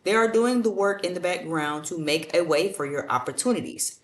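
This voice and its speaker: A woman's voice: lowish voice, animated, moderate pace. A woman doing a casual tarot reading, blunt and profane in a motivational way. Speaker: tarot reader. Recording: roomy echo, mic at a distance.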